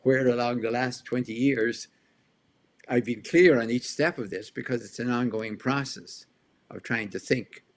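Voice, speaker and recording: Animated male scholar lecturing in an interview. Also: mid-range voice, unhurried. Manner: animated, asks rhetorical questions, chuckles. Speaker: guest scholar.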